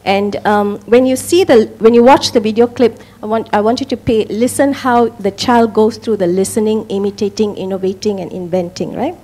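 A woman's voice: mid-range voice, moderate pace, few pauses, warm tone. A woman giving a public talk to parents, stressing points and often checking in with "all right?". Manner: emphatic, frequent "all right?" check-ins. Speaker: speaker at a parents' education talk.

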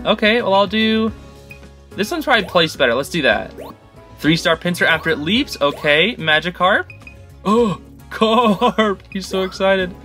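An excitable man narrates his own gameplay and chatters at the creatures on screen. His voice sits fairly high, with a bright edge. His pitch leaps up and down all the time, and faint game music plays behind him. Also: a little slow. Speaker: gaming channel host. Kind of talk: let's-play commentary.

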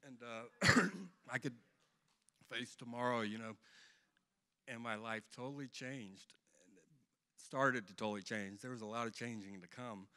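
This middle-aged man's mid-range voice is smooth with a sharp tone as he offers an earnest personal testimony to his church congregation. The story rambles, with frequent restarts.

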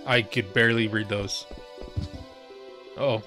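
A man's voice: medium pitch, expressive, moderate pace, pauses often, a bit bright. A man commenting on a game he is playing for the first time, reading the characters' lines aloud in playful theatrical voices. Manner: reads game dialogue in playful theatrical voices, swears casually. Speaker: let's player. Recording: faint game music behind.

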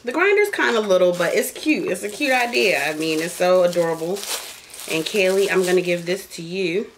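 A woman's voice: on the low side, lively intonation, a little fast, a little hiss or hum. A woman hosting a casual podcast while smoking, talking bluntly and profanely, joking, with laughs and coughs. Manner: laughs and coughs between lines. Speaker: podcast host.

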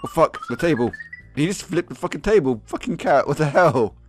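A young man giving excitable, swearing commentary on a game, laughing often and yelping in high squeaks. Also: fairly quick, faint music behind. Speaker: gaming video host.

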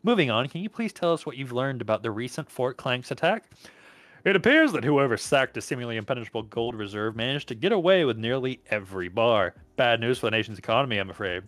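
A man's voice: medium pitch, animated, fast talker, fairly bright tone, no echo, close to an everyday voice. A man reading the part of a TV news anchor in a formal newscast manner. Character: TV news anchor reporting a heist.

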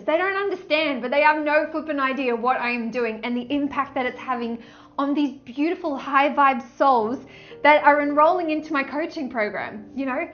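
Woman, high and bubbly, gushing tarot vlogger, dull-ish audio. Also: moderate pace. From Australia. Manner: gushing, excitable, breaks into song. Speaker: tarot reader. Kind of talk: casual tarot reading vlog.

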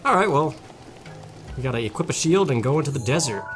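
A man's voice: mid-range voice, expressive, fast, soft background music. A man hosting casual gameplay commentary, rambling and joking, often mocking himself. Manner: jokey, rambling, self-mocking. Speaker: gaming channel host.

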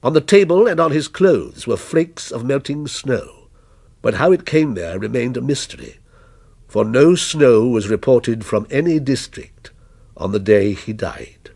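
A man reading a short story aloud in a measured, expressive way. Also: medium pitch, vocal fry, breathy edge. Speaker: story reader.

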